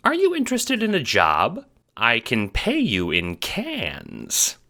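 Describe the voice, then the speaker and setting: A man's voice: mid-range voice, huge pitch swings, slow pace, sharp tone, voice pushed up, full character voice. A man doing a dim, pompous little mayor. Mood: earnest. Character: dim, earnest short male mayor carapace.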